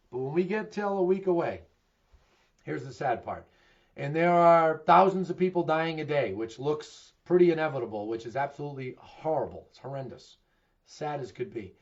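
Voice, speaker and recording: A man's voice: on the high side, darkish tone. Candid Boston man, lo-fi update. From Massachusetts. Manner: candid, emphatic, asks and answers his own questions. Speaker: real estate agent giving a market update. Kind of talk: direct-to-camera market commentary. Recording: dull lo-fi recording.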